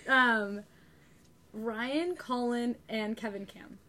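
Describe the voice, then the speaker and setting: A woman's voice: a little high, very slow, bright, forceful tone. A young woman co-hosting a casual podcast, teasing her guest and laughing along. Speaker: podcast co-host. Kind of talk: casual chat.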